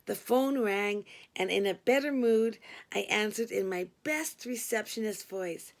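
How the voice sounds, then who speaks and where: A woman's voice: mid-range voice, measured pace. A woman reading a first-person adult story aloud, with a weary, wry tone. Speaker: audiobook reader.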